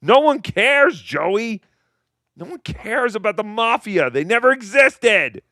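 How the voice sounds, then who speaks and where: Podcast co-host, male, sarcastic and mocking, animated and sharp. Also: sits high, slow, dry recording, studio quality. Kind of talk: casual banter.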